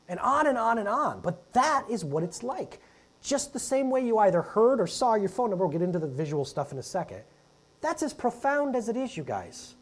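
A man in his thirties delivers a sermon in a relaxed, joking, conversational manner. His pitch swings widely, lifting and dropping for emphasis as he talks to the congregation. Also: a little fast. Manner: conversational, jokey, animated preaching. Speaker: pastor.

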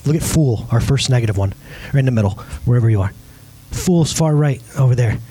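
A man in his thirties preaching a sermon to a congregation, emphatic and animated, firing questions at the crowd. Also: medium pitch, brisk. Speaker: pastor. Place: church service before a live audience.

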